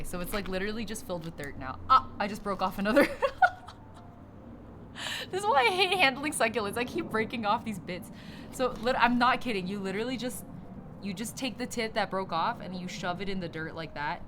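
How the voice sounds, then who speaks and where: A young woman streamer chatting casually and swearing as she repots plants at home, giggling often. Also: medium pitch. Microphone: streaming setup with a camera. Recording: steady background noise.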